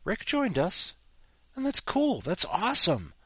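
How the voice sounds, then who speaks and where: Animated, slow-talking male podcast host. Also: sits high, slightly rough, no room sound, studio quality. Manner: animated, sighing, mocking voices. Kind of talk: casual rambling monologue.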